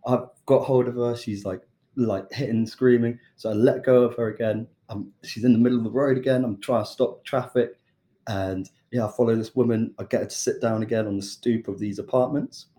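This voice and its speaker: A young British man, a chef, casually telling a lively story and acting out the voices of the people in it. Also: mid-range voice, a little fast. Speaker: chef and podcast guest.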